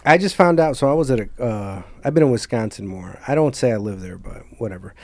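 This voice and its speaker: A man's voice: mid-range voice, animated, fairly quick, a little mellow. A man hosting a casual podcast, rambling and loose, with the odd swear. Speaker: podcast host.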